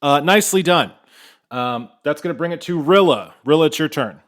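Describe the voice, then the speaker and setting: A man's voice: on the high side, lively intonation, moderate pace, fairly bright tone. A man narrating as game master in a tabletop game, loose and conversational with frequent fillers.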